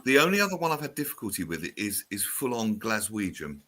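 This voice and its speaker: A man in his fifties from the south of England hosting a radio show, chatting in an animated way and reading out listener messages. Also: fairly low pitch, fairly quick. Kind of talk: casual radio chat.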